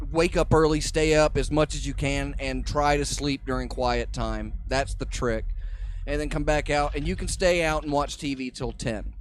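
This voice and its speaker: A man hosting a comedy podcast, telling a story in an animated way, swearing freely and acting out what people said. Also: fairly high pitch. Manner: animated, swears freely, acts out quotes loudly.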